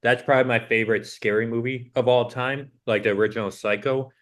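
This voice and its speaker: A young man co-hosts a podcast in loose, rambling chat, dropping "like" into nearly every phrase. His voice sits in an ordinary middle pitch. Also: fairly even intonation, fairly quick. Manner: rambling, peppered with "like". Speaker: podcast co-host. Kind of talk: casual chat.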